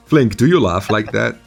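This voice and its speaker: A man in his forties hosting a casual live stream, animated and teasing, laughing often. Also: fairly low pitch, creaky, slightly rough. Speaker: streaming host.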